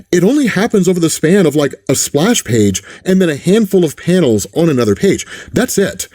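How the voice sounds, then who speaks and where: A man casually retelling and reviewing a comic book, animated and often checking in with the listener. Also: a little high, slightly rough, no echo, clean studio sound. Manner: animated, keeps asking "right?". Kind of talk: casual commentary.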